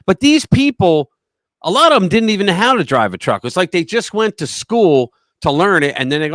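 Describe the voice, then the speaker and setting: A man hosting a conservative news livestream, giving opinionated commentary in an animated, mocking way and telling anecdotes. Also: high-pitched, a little fast, dry recording, studio quality.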